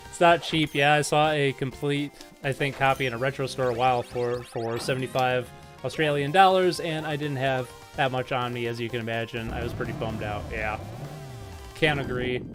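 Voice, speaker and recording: A young man streaming retro games, chatting in a rambling, animated way with lots of filler words and frequent laughs. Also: mid-range voice, normal speed. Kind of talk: casual live-stream chat while playing. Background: faint game music.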